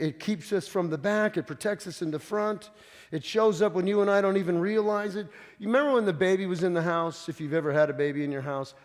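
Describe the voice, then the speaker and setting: A man preaching a conversational sermon, with frequent stumbling repeats, swinging between loud and hushed. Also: fairly high pitch, long reverb tail. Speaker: pastor.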